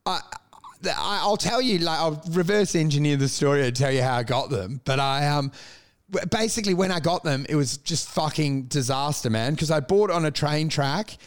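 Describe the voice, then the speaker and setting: A man's voice: fairly high pitch, moderate pace. A young man telling stories in casual, sweary chat, acting out what people said. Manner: sweary, animated storyteller, acts out quotes.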